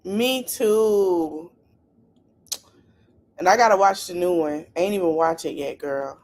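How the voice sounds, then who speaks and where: A woman's voice: fairly low pitch, slow, darkish tone. A woman hosting a casual livestream podcast, chatting straight to her viewers with plenty of asides. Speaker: podcast host.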